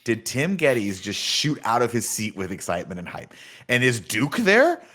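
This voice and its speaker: A man's voice: medium pitch, moderate pace. A man co-hosting a podcast, talking about a movie with enthusiasm, swearing and acting out lines. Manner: animated, enthusiastic, profane, acts out movie lines. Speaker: podcast co-host. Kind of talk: casual movie review chat.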